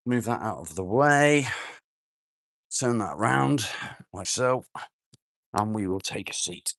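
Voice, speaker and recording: A man's voice: on the low side, expressive, slow pace, creaky, long pauses, a bit bright, no room sound, studio quality. A man hosting a casual live stream outdoors on a phone, chatting with viewers, humming and muttering to himself as he reads the chat. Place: outdoors, sitting in a chair near the house.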